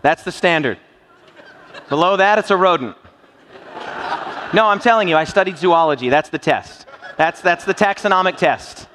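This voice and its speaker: A man's voice: high-pitched, expressive, moderate pace, pauses often, fairly bright tone, slight background noise. A man preaching a sermon in a church hall, joking and quizzing his listeners with playful questions. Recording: long reverb of a large hall.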